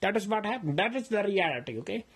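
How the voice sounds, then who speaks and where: A man's voice: sits high, animated, fast talker, a bit bright, breathy edge, exaggerated voice. A man voicing a hot-tempered adult man who speaks in broken English and angrily accuses a friend of stealing his food, in a comedy skit. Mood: coaxing. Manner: broken English, insulting, indignant.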